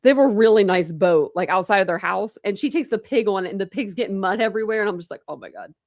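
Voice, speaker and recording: A true crime channel host with a medium-pitched voice talks fast while hosting a casual online chat, rambling and laughing often as she browses videos. She coos at her pets and chats with them along the way. The studio-quality recording has no room sound.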